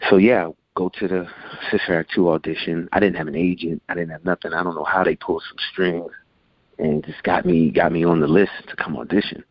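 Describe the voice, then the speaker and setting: A man's voice: low voice, a little fast, creaky, dry recording. A man in his forties telling stories casually as an interview guest, acting out the people in them. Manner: animated, acts out quotes in voices. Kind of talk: casual storytelling. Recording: dull lo-fi sound.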